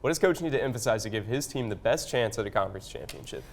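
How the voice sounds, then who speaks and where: A man's voice: medium pitch, animated, fast talker, slight background noise. A young man anchoring a sports news show, delivering scripted lead-ins and chatting steadily with casual fillers.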